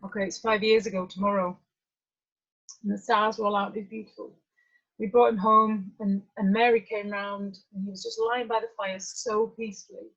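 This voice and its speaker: A woman's voice: mid-range voice, level tone, moderate pace, fairly bright tone. A middle-aged woman from northern England telling a personal story to a group, candid and conversational with drifting asides. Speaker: workshop speaker. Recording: muffled lo-fi recording.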